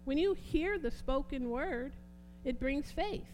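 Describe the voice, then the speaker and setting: A woman preaching a sermon, fervent and swinging from quiet talk to loud exclamations. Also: high voice, expressive, slow, a little hiss or hum, poor audio.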